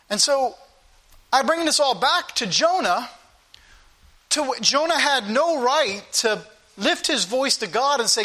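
A man's voice: very high-pitched, sing-song, measured pace, pushed and bright. A man preaching a sermon with emphatic, repetitive delivery and direct appeals to the congregation.

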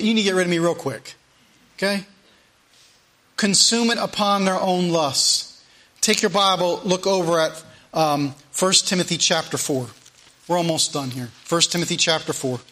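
A preacher's voice, a man pitched high and sounding bright and forceful. He reads King James verses slowly and with heavy emphasis, then breaks them down for his congregation. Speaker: pastor. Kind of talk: sermon with scripture reading.

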